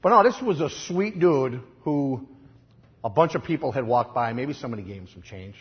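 A man with a Chicago accent preaching a sermon, telling stories in a conversational way and swinging from quiet asides to loud, emphatic lines. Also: mid-range voice, animated, normal speed, dull audio. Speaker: pastor.

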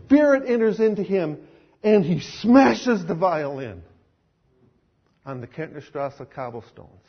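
A man's voice: on the high side, breathy edge, lo-fi sound. A male pastor preaching a sermon, dramatic in his storytelling. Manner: dramatic, acts out characters.

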